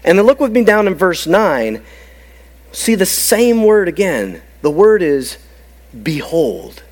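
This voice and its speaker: A male pastor preaches with a fairly high, very lively voice. He presses his points emphatically, then drops to quiet, hushed tones. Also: takes it slowly. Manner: emphatic, swinging from loud to hushed. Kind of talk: sermon.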